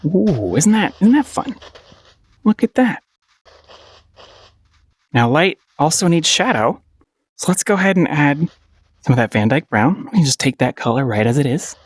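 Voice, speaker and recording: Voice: mid-range voice, expressive, moderate pace, pauses often, husky. A painting instructor giving a casual paint-along tutorial, playful and encouraging, often giggling and repeating short phrases.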